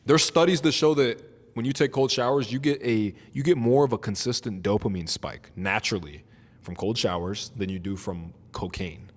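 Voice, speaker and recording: A nineteen-year-old man co-hosting a podcast, chatting in an emphatic, excitable way. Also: on the low side, normal speed, big-room sound. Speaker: podcast co-host. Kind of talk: casual chat.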